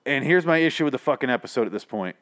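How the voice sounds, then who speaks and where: Tired, profane podcast host ranting. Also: male voice, mid-range voice, lively intonation, very fast, fairly bright tone. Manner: profane, rambling, exasperated, self-deprecating. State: tired late at night. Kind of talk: casual podcast review rant.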